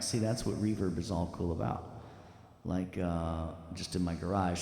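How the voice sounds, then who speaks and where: A man teaches audio production, joking as he walks students through a software demo. His voice sits low. The recording is dry and close. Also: steady tone, moderate pace, gravelly, slightly rough, no echo. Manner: playful, joking, repeats "check it out". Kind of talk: live software demo lecture.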